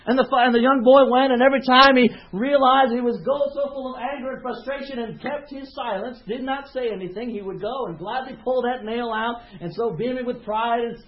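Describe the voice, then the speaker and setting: A man's voice: very high voice, fairly even intonation, fairly quick, hardly any pauses. A male pastor preaching a sermon with passion, often repeating words and rising in volume as he builds his points. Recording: roomy, slightly dull sound.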